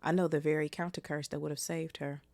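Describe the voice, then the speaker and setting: A woman's voice: deep voice, level tone, fast talker, darkish tone, no room sound. A woman voicing a boastful, eager male wizard teacher in a storybook reading.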